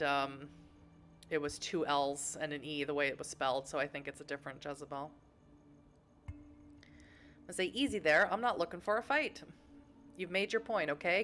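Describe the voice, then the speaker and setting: A woman's voice: deep voice, fairly bright tone, a little hiss or hum. Woman streamer reading game text aloud. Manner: chatty, talks to her stream chat between reading.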